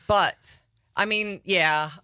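A woman's voice: mid-range voice, takes it slowly, sharp tone, clear, resonant tone, no room sound. A woman from Wisconsin, a guest on a radio show, trading sarcastic jokes with the host. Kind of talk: casual radio chat.

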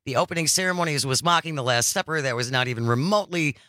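A man's voice: a little high, fast talker, pushed and bright, no room sound, studio quality. A man hosting a radio talk show, chatting enthusiastically with a co-host and callers. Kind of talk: casual radio chat.

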